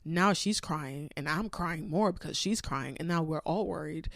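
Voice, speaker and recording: A young woman with a head cold hosts her podcast alone, her voice a bit stuffy and set slightly low. She tells a personal story in a rambling, animated, self-aware way. The sound is dry and close, with no room around it. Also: moderate pace, vocal fry, no room sound. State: congested from a cold. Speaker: podcast host.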